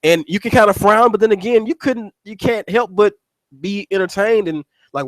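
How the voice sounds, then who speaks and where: A man's voice: sits high, moderate pace, a bit bright, no echo, low-quality recording. A man hosting a casual wrestling recap, rambling and cursing as he restarts his sentences. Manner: rambling, profane, repeats words and restarts. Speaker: wrestling show host.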